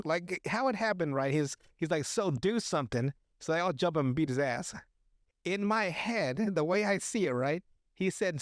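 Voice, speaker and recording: A man on a podcast casually recapping a movie, profane and animated, acting out the characters' lines as he goes. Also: a little high, dry recording, studio quality. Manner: profane, animated retelling with acted-out quotes. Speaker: podcast host.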